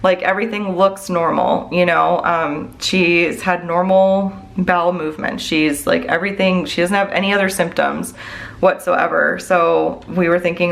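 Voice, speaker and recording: A woman's voice: fairly low pitch, steady tone, normal speed, gravelly, fairly bright tone. A woman vlogger and mom chatting casually to her viewers. She rambles candidly and sounds worried, filling her talk with "like" and "I don't know.".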